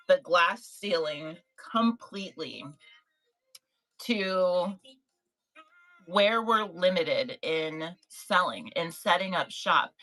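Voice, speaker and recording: A woman's voice: fairly low pitch, fairly bright tone, rough recording. A woman hosting a casual livestream for online sellers, chatty and encouraging, greeting viewers from the chat by name. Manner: chatty, encouraging, reads chat names aloud.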